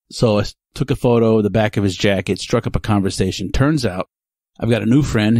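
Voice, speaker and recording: A man's voice: lowish voice, fast talker, darkish tone, dry recording. A man from Texas, hosting a podcast in a rambling, chatty monologue full of digressions. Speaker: podcast host. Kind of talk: casual monologue.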